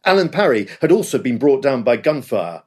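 A man's voice: medium pitch, very animated, brisk, breathy edge. A man reading scripted history narration with a dramatic storytelling delivery. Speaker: podcast host.

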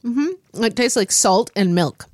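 Lively-voiced woman asking questions. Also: a little high, measured pace, no room sound, studio quality. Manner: curious, asks questions. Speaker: podcast co-host. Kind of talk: casual chat.

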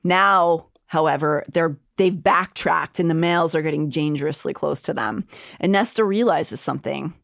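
A woman with a lowish voice recaps a novel for her podcast co-host, narrating the plot like a storyteller and pausing on dramatic gasps. The sound is dry and close, with no room around it. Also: gravelly, a bit bright, no room sound. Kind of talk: casual book discussion and recap.

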